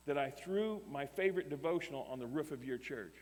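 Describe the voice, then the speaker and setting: Animated storytelling pastor in a hall. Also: male voice, on the high side, normal speed, hardly any pauses. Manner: animated storyteller acting out dialogue. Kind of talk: sermon with storytelling. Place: camp meeting hall. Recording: long hall reverb.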